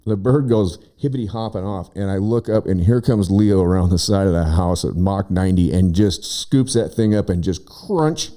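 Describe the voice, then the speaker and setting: Low, mellow-voiced man telling rambling stories. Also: moderate pace, few pauses. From Oregon. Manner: rambling, animated storyteller who shouts out quoted lines. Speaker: guest, visiting brother. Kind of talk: casual storytelling chat. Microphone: studio microphone.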